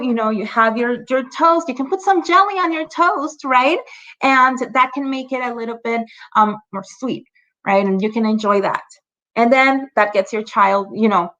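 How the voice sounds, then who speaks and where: A woman's voice: on the high side, fairly bright tone. Chatty woman trainer on muffled webinar audio. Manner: chatty, checks in with frequent "right?" and "you know"; laughs lightly between examples. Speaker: trainer leading a parent workshop. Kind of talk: conversational online training talk.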